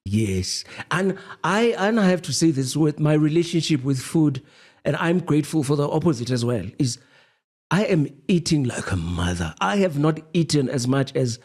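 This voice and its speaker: A man's voice: on the high side, sing-song, moderate pace, darkish tone. A man co-hosting a casual podcast chat, earnest and talking in long, rambling stretches. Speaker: podcast co-host.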